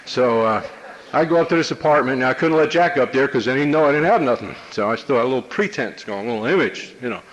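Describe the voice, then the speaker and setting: A man's voice: medium pitch, fairly bright tone, muffled recording. Wry streetwise man telling his story. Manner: streetwise, wry, conversational with many "you know"s. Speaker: recovery meeting speaker. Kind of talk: personal story talk to a meeting. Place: meeting room before an audience.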